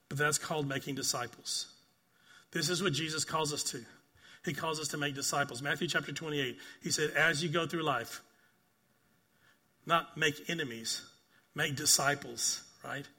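An older man preaching a sermon. He tells stories earnestly, repeats phrases, and keeps asking "right?", rising to emphatic bursts and then dropping soft and quiet. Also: a little high. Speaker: pastor.

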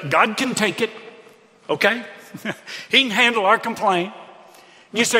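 A pastor preaches a sermon in a reverberant church sanctuary, speaking earnestly and conversationally and often repeating his phrases. His high-pitched, sharp voice has lively intonation, a moderate pace, and frequent pauses.

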